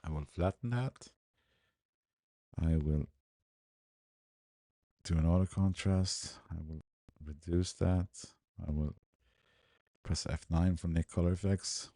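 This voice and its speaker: Taking it slowly with long pauses, a low-voiced man narrates a screen-recorded photo editing tutorial. He works at ease, muttering to himself as he goes, and the recording is dry and of studio quality.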